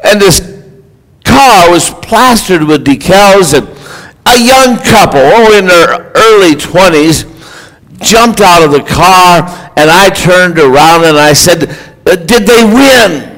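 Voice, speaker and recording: A man's voice: sits high, slow, a bit bright, low-quality recording. A man preaching a sermon as a pastor, in an earnest, exhorting delivery.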